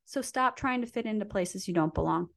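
A woman's voice: mid-range voice, a little fast, vocal fry, fairly bright tone. A woman guest on a podcast, talking in a coaching, motivational way with frequent "right?" and "you know". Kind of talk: motivational conversation.

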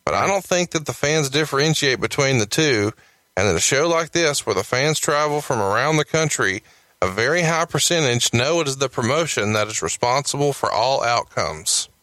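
Brief: male co-host, bright forceful tone, measured delivery, dry close sound. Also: medium pitch, animated, dry recording. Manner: measured, reads out press quotes. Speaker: podcast co-host. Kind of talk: reading quotes and commentary.

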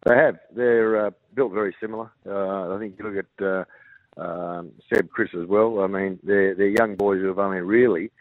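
An Australian man, a rugby league coach, talking haltingly with many fillers and restarts in a radio interview over the phone. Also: low voice, steady tone, no room sound. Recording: tinny phone line.

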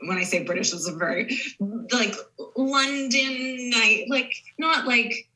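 Woman in her 40s chatting on a podcast, bright voice, lots of um and like. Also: mid-range voice, animated, normal speed, rough recording. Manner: chatty, thoughtful, many fillers and restarts. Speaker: actress guest. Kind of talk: casual podcast interview.

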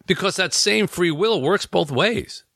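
A man's voice: sits high, lively intonation, unhurried, creaky, fairly bright tone, no room sound, clean studio sound. A man talking as an author about his book, in an earnest, reflective conversation that he fills with everyday examples.

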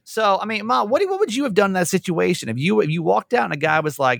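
A man co-hosting a casual radio talk show, chatting with lively emphasis and acting out the voices he quotes. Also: high voice, fast, gravelly, no room sound, studio quality. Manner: animated, acts out quoted voices. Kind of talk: casual on-air chat.

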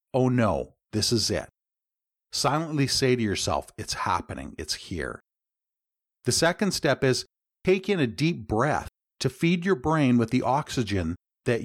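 A man of ordinary pitch co-hosts a podcast, walking listeners through advice in a measured, coaching way. His voice sounds close and dry, with no room echo. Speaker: co-host.

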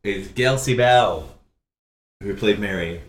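A man, co-hosting a podcast in a casual chat about musical theatre, chatty and quick to jump into high notes. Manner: chatty, animated, bursts into high sung notes. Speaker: podcast co-host. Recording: echoey room, faint background noise.

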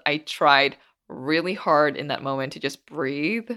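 A podcast host in her thirties chats candidly and casually, acting out her stories with plenty of expression. Her voice is low but pushed and bright, and she keeps a measured pace.

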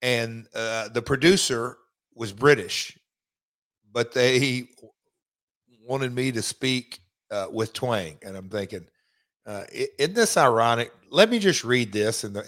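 A middle-aged man, chatting casually as a podcast host, halting with many restarts and fillers. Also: mid-range voice, a bit bright. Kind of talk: casual chat.

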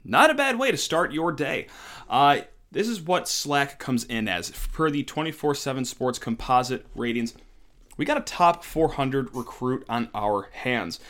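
A young man giving an excited solo talk on college football recruiting, with animated outbursts. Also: medium pitch, measured pace. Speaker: sports recruiting commentator.

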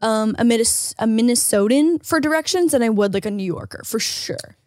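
Excitable, giggly woman podcast co-host. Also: on the high side, normal speed, dry recording, studio quality. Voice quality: giggly, excitable, swears casually. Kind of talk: casual chat.

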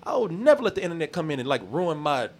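A man's voice: on the high side, sing-song, fast talker. A man hosting a casual podcast chat, a loose, profane storyteller who laughs often. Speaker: podcast host.

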